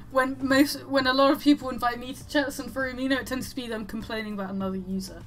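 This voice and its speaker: A woman's voice: high-pitched, steady tone, brisk, faint music behind. A woman on an online voice call, chatting casually and laughing often. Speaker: co-host on the stream. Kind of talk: casual chat.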